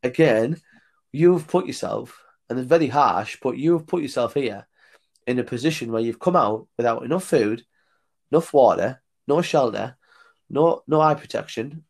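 A man, a tour leader and podcast guest, telling blunt stories and laughing between his points. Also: medium pitch. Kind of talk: casual podcast storytelling.

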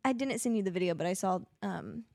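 Gravelly, chatty young mom. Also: female voice, medium pitch, fast, a little mellow, no echo, clean studio sound. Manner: rambling, filler-heavy, laughs often. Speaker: podcast co-host; mother. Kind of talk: casual chat. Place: home, children nearby.

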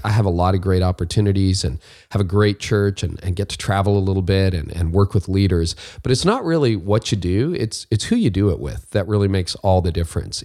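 A man hosts his leadership podcast in a casual monologue that's chatty, upbeat and self-deprecating. He has a low voice with a darkish tone.

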